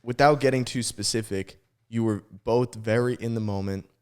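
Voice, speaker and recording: A man's voice: medium pitch, steady tone, moderate pace, clean tone. A young man co-hosting a casual podcast, summing up and riffing on a friend's story. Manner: sums up and riffs on the story, jokes with the teller. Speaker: podcast co-host.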